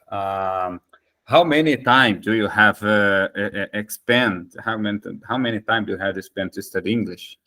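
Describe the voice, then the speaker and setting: A man leading a casual English practice conversation, speaking haltingly with many fillers, Portuguese his first language. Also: fairly low pitch, bright, forceful tone. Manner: hesitant, many fillers and restarts. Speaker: conversation host.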